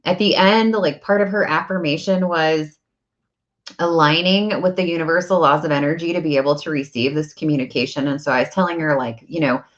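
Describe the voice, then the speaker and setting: A woman who works as an energy practitioner and coach gives a casual spiritual talk to camera, chatting at length and rambling with lots of "like" and "um." Her voice is deep and a little fast, and the audio sounds dull.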